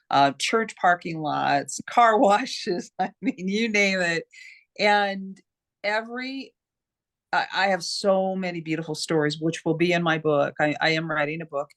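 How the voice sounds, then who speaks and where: A middle-aged woman, an interview guest, telling a personal story in an animated way with many restarts. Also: on the low side. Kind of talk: casual storytelling.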